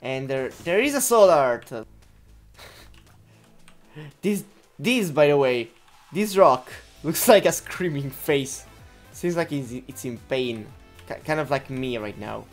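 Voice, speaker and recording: A woman giving gameplay commentary, giggling often, breaking into loud laughter and swearing freely. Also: a bass voice, lively intonation, slow, pauses often, soft background music. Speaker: let's-play gamer.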